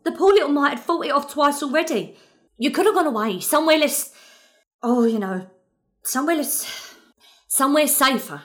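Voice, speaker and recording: Actress as an earnest Cockney mum in a radio play, somewhat high-voiced, rambling and apologetic. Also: female voice, lively intonation, normal speed, long pauses. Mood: apologetic pleading. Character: working-class London mother, fond, grieving, earnest. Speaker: actor in an audio drama.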